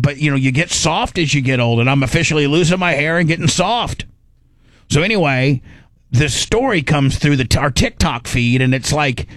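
A man's voice: fairly high pitch, a bit bright, no echo, studio quality. Rambling, self-mocking middle-aged man. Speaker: radio show host. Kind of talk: casual storytelling chat.

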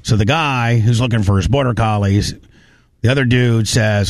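A man on a podcast, retelling a video story in casual chat, excitable, repeating words and stumbling through restarts. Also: mid-range voice, moderate pace, no echo, studio quality.

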